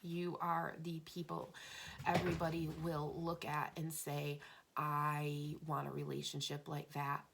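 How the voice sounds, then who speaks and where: A woman delivers a spiritual tarot reading in a gentle, meandering way, her voice carrying a light vocal fry. A faint background hiss sits under her talk. She sounds earnest and moved by what she says. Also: sits low, completely flat delivery, a little slow. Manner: gently rambling, emotional, at times tearful and laughing. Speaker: tarot card reader.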